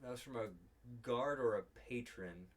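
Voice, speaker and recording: A man voicing a friendly male orc innkeeper in a tabletop game, speaking a bit lower and quieter, with hesitant pauses. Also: natural voice.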